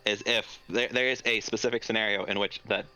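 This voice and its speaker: Bright-voiced male dungeon master. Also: on the low side, fairly even intonation, brisk, low-quality recording. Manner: loose, rambling, lots of "like". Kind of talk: narrating a tabletop game.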